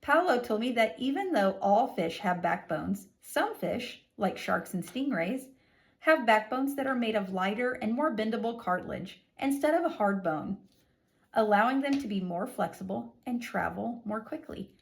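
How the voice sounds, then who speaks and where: A woman teacher reading a lesson aloud to young children, with an expressive, sing-song delivery and exaggerated emphasis. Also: on the high side, normal speed, vocal fry.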